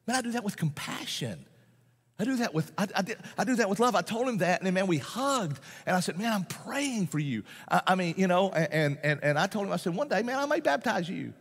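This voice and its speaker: A man's voice: high voice, very animated, fairly quick, husky. A man, a Baptist pastor, preaching a sermon in a folksy, emphatic way, often repeating phrases and laughing between points. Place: large church auditorium. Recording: long hall reverb.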